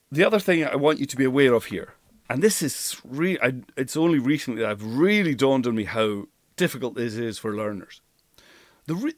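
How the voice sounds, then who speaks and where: A Scottish man whose first language is Gaelic, teaching pronunciation deliberately and sounding words out as a language coach. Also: mid-range voice, fairly bright tone, dry recording, clean studio sound. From Scotland. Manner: deliberate and explanatory, models sounds aloud. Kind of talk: spoken language lesson.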